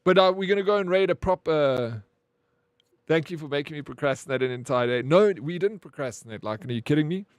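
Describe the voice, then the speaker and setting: A man's voice: fairly high pitch, lively intonation, brisk, clear, resonant tone, no echo. A man, streaming and chatting casually with viewers, rambling with lots of "bro" and casual swearing. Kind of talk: casual stream chat, reading chat aloud.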